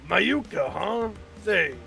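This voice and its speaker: A man's voice: high-pitched, big pitch swings, takes it slowly, creaky, sharp tone, soft background music, full character voice. A man reading the lines of an overconfident, nervous young male bar patron in a visual novel. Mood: cocky.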